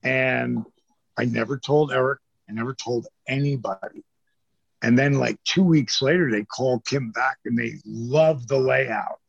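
A middle-aged man, a former pro wrestler, telling stories as an interview guest in a lively, casual way and swearing freely. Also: medium pitch, measured pace, creaky, breathy edge, no echo. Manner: animated storyteller who acts out quotes, swears freely. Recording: dull lo-fi dry sound.

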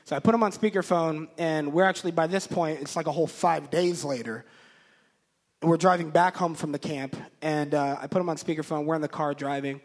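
A man in his thirties, a pastor telling a personal story from the pulpit, animated and acting out the voices of the people he quotes. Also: a little high, fairly quick. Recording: long reverb of a large hall.

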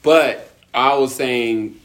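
A man's voice: medium pitch, very slow, fairly bright tone. A young man in casual chat who jokes, swears freely and speaks earnestly about learning.

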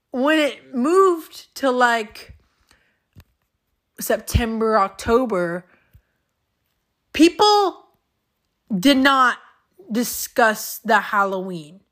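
A young woman hosting her own podcast, talking casually in a chatty, rambling, excitable way. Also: on the high side. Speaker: podcast host. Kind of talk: casual solo podcast chat.

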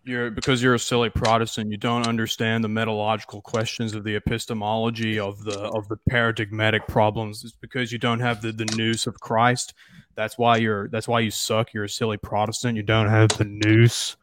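A man putting on a smug, pedantic online theology debater, lecturing slowly and condescendingly. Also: fairly low pitch, little pitch movement, fairly bright tone, slight background noise, natural voice. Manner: lecturing, condescending, slow and deliberate.

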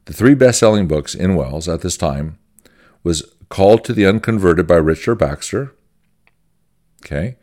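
Deep voiced preacher guy teaching church history, chatty, repeats himself a lot. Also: animated, unhurried, long pauses, a little mellow. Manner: conversational, folksy asides and repeated phrases. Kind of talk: informal teaching talk.

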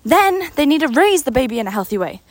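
A young woman coaching business owners in an unscripted pep talk, her voice pitched a touch high and sounding dry and close. She talks with eager enthusiasm, slightly out of breath, leaning on repeated words to stress a point. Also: big pitch swings, quick pace, dry recording. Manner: enthusiastic, speaks from the heart, repeats words for emphasis. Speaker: business coach and company founder.

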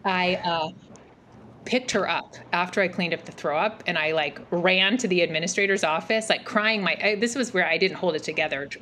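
A woman in her forties telling a personal story as a podcast guest, animated and rambling, with many fillers and restarts. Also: on the low side, normal speed, slight background noise. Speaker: podcast guest, mental health practitioner. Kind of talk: casual interview storytelling.

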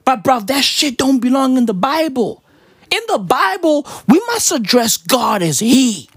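A woman delivering a profane comedic rant, firing off rapid rhetorical questions and swinging between low mutters and high squeals. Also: very animated, husky, no echo, clean studio sound.

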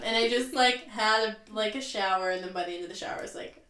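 A woman's voice: medium pitch, fast, fairly bright tone, roomy sound. A woman hosting a podcast, chatting casually, laughing often, in a reflective way. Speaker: podcast host. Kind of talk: casual chat.

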